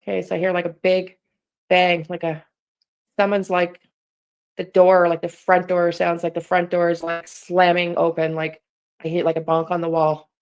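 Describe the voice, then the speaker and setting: A woman hosting a live tarot stream, talking in a casual, halting way and often breaking off mid-thought. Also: on the low side, completely flat delivery, clear, resonant tone, poor audio. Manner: hesitant, halting, self-interrupting. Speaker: tarot reader and channel host.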